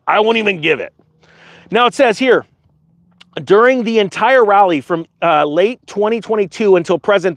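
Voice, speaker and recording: Male finance commentator, high and very lively pitch, jokey digressions, dry close sound. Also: dry recording. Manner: animated, digressive, jokey asides to viewers. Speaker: finance commentator, channel host. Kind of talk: casual commentary while reading an article aloud.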